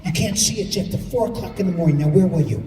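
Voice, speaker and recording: A man's voice: sits high, fast talker, noisy background, lightly acted. A man voicing a nagging, furious mother who scolds her son with relentless questions on a comedy stage. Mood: scolding. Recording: roomy hall, distant mic, audience laughter.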